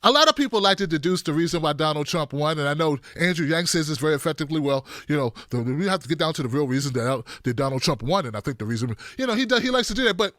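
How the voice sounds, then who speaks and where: A man giving animated, sarcastic political commentary on his own show. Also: fairly high pitch, rapid-fire, hardly any pauses, no echo, studio quality.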